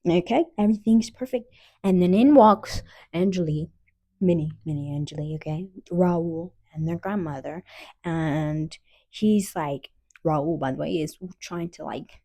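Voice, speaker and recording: A woman's voice: lowish voice, dry recording. Chatty young woman recapping a film. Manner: chatty, animated, lots of fillers and asides. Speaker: film reviewer.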